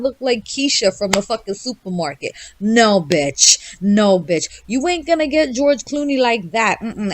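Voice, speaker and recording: A woman with a New York accent co-hosting a podcast, giving blunt, profane advice in a brash, loud way. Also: mid-range voice, slight background noise. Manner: brash, loud, swears constantly. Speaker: podcast co-host.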